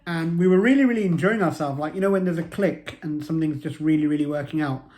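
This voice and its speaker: A man's voice: on the high side, fast, a little mellow. Earnest man telling his story. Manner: earnest, repeats phrases for emphasis. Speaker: motivational vlogger. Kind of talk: personal storytelling to camera.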